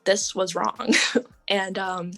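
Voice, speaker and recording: A young woman talks as a podcast guest, chatting through her story in a loose, casual way. Her pitch sits in the ordinary middle range for a woman. She fills her speech with "like" and "um" and laughs lightly as she goes. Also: fairly even intonation, slow, vocal fry, faint music behind. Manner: chatty, lots of "like" and "um", laughs often.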